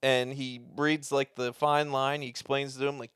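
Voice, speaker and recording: Male co-host, casual and profane, animated storyteller; smooth voice, dry close sound. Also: mid-range voice, normal speed, no room sound. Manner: animated, profane retelling of a movie plot. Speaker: podcast co-host. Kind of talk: casual chat.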